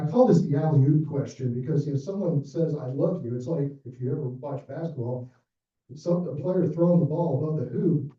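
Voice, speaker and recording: A man's voice: a little high, mellow. A middle-aged man giving a workshop talk to fundraisers, telling stories and acting out quoted dialogue, in a conference room. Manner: storytelling, acts out quoted dialogue. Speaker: planned giving director presenting a workshop. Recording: distant, echoey, dull room recording.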